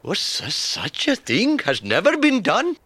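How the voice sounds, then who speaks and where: A man's voice: high voice, huge pitch swings, measured pace, husky, no echo, heavily acted. A man voicing a fussy, polite cartoon shop clerk who frets and gasps theatrically. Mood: fretful. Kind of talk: cartoon voice acting. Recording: cartoon clip under loud music.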